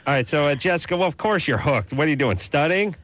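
A man's voice: fairly high pitch, expressive, quick pace, noisy background. Wisecracking male radio host. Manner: wisecracking, playful teasing. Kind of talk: joking advice talk.

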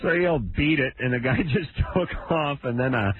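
A man in his thirties co-hosting a late-night radio call-in show, ranting sarcastically and jumping his pitch up for comic bits. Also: lively intonation, fairly quick. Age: 30s. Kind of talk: casual comedic radio banter. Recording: narrow phone-like radio sound.

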